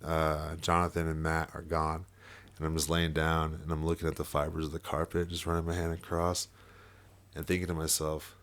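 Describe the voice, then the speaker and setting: On a relaxed podcast, a young male guest with a very low voice tells a long personal story at a fairly quick clip. It's casual storytelling chat, heavy on filler words, with free swearing and laughter woven through.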